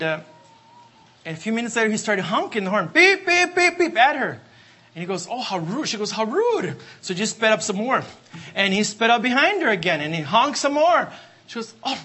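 A man's voice: high voice, bright, forceful tone. A man preaching a sermon, emphatic and repetitive, asking for amens. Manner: emphatic, repeats refrains, asks the congregation for amens.

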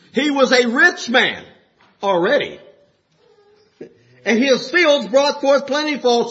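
A man preaching a sermon with passion, rising to shouts and dropping low. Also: lo-fi sound.

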